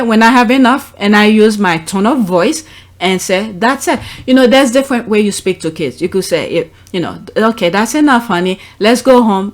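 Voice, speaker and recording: A middle-aged woman hosting a casual commentary show, chatty, often laughing and adding "okay?" asides. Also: a little high. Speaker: commentary channel host.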